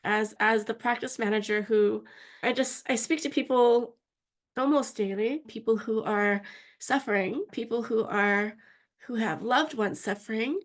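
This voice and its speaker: A woman's voice: fairly high pitch, unhurried. A woman co-hosting a casual podcast as practice manager, talking in an effusive, gushing way with frequent restarts.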